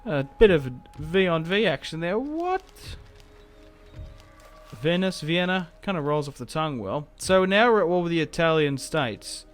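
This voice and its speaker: A young man talks his way through a strategy game in a loose, rambling style, now and then breaking into excited yelps. His voice sits a little on the high side. Faint game music plays underneath. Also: normal speed, hardly any pauses, smooth. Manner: chatty, rambling, self-mocking with sudden excited outbursts. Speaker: gaming YouTuber. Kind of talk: casual Let's Play commentary.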